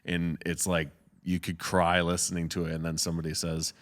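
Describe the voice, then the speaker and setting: A man co-hosting a podcast in casual, relaxed conversation, full of likes and you-know-what-I-means. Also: sits low, fairly quick. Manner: relaxed, filler-heavy conversational talk. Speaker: podcast co-host.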